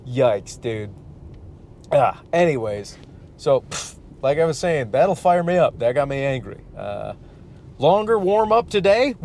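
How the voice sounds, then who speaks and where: A man's voice: mid-range voice, very animated, measured pace, creaky, a little mellow, slight background noise. A man and stand-up comic hosting a casual solo podcast, ranting in a profane, rambling, worked-up way. He is from Michigan.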